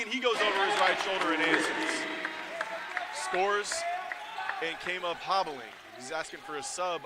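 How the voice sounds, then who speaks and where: A man commentating a basketball game play by play, his calls rising to shouts on the big plays. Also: mid-range voice. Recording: loud gym noise behind the voice.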